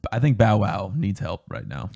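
A young man co-hosting a casual podcast chat, joking and swearing, getting excitable. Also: on the low side, normal speed, creaky. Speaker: podcast co-host.

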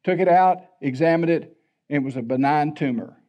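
A man's voice: a little high, brisk, mellow. An older man, a pastor preaching a sermon in a folksy, candid storytelling way.

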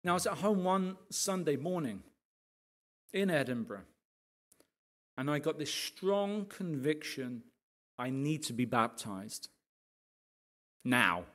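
Male pastor, testimony talk: a slightly high voice, a chatty, lively storyteller who keeps asking the room questions. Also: unhurried, pauses often. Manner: lively storyteller who often checks in with the listeners.

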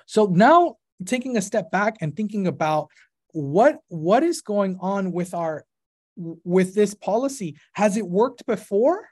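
A man's voice: high-pitched, lively intonation, a little slow, a little mellow. A man from Arizona, a campaign director teaching a class in an earnest, impassioned way, often calling his listeners his friends. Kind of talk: earnest advocacy lecture.

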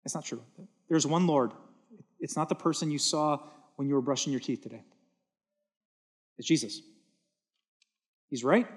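A man's voice: fairly high pitch, moderate pace, long pauses, breathy edge. Emphatic man preaching a sermon. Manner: earnest, emphatic, repeating words for stress. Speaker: pastor. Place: church auditorium with a stage.

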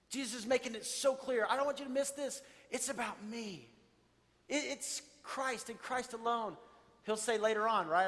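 A man's voice: high voice, normal speed, fairly bright tone. A man preaching a sermon, reading scripture and animatedly acting out the voices of the crowd. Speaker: pastor. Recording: long hall reverb.

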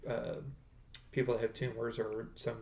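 A man's voice: mid-range voice, little pitch movement, normal speed, vocal fry, darkish tone. A man chatting casually as a podcast co-host, rambling and correcting himself as he goes. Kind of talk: casual chat. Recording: roomy echo.

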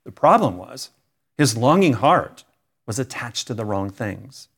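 A man delivers a sermon from the pulpit at a mid-range pitch. He speaks earnestly, pressing on key words and letting dramatic pauses hang between repeated phrases. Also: sing-song, gravelly, breathy edge. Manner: earnest, emphatic preaching with dramatic pauses and repetition. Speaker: pastor.

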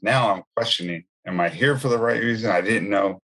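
A man with a low, husky voice tells his faith testimony. He talks in a loose, conversational way and keeps adding asides. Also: steady tone, moderate pace, few pauses, fairly bright tone. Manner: conversational storytelling with many asides. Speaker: speaker sharing his testimony.

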